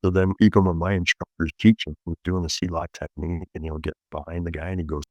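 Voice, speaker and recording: Deep-voiced middle-aged man telling blunt stories. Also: fast, hardly any pauses, no echo. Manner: animated storyteller, blunt and joking. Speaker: martial arts instructor, guest. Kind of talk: casual interview chat.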